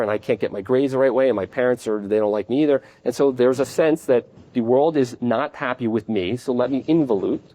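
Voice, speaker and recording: Man, psychiatrist, conference lecture, conversational, fast, mellow voice. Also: medium pitch. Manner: conversational, explains with acted-out examples. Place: conference at a hotel.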